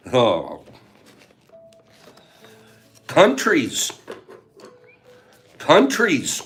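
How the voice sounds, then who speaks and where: An older man hosting a casual live chat, playful and joking, laughing often and reading out viewers' answers. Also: medium pitch. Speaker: livestream host.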